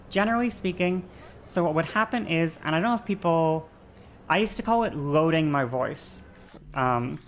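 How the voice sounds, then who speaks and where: Low, gravelly-voiced woman streamer. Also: a little hiss or hum. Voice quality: vocal fry. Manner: demonstrating and shifting her voice between lower and lighter registers. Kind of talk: casual chat while gaming.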